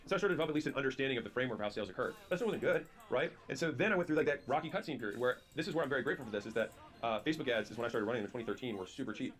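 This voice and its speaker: A man giving business advice through stories, acting out both sides of conversations in a casual, animated way. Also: mid-range voice, racing. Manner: casual, lots of "like" and "right?". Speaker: business speaker. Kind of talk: storytelling advice talk.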